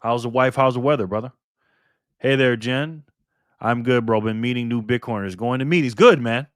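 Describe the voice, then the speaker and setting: Still recovering from being ill, this man runs a laid-back live stream, welcoming viewers by name and reading the chat in a warm, talkative manner. His voice is medium-pitched at a moderate pace, recorded with clean studio sound and no room sound.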